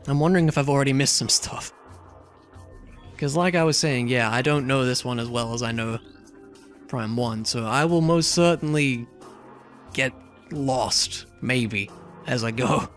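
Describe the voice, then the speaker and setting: A man's voice: mid-range voice, measured pace, pauses often, a bit bright, faint music behind. A young man casually commenting on a video game as he plays, chatty and rambling, with lots of fillers and asides. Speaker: let's play host.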